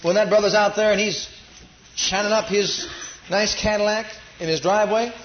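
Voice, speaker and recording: A male pastor preaching a sermon, swinging between loud shouted lines and low, quiet asides. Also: steady tone, normal speed, reverberant, dull audio, a little hiss or hum.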